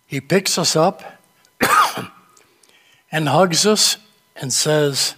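Man, pastor type, preaching in a measured, unhurried storytelling manner, high-pitched, echoing sanctuary. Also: fairly bright tone. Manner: slow, storytelling delivery with dramatic pauses. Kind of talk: sermon. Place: church sanctuary. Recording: long reverb of a large sanctuary.

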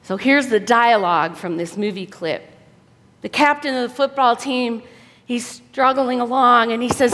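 A woman's voice: fairly high pitch, normal speed. Earnest woman preaching in a ringing hall. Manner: earnest, exhorting, dropping soft for emphasis. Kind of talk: sermon. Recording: long hall reverb.

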